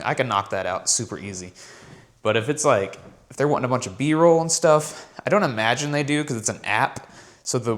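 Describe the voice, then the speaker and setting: A man talking casually in a vlog, telling a rambling story about his work from home. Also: mid-range voice. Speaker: vlogger and content creator.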